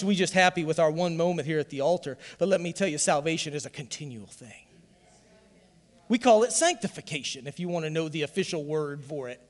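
Pastor, male, high voice, fervent sermon delivery that rises to loud calls to the congregation, church hall reverb.

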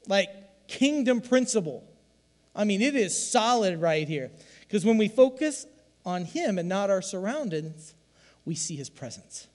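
A man preaching a sermon as a pastor, swinging from loud emphatic lines to hushed, quiet asides. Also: sits high, in a large hall.

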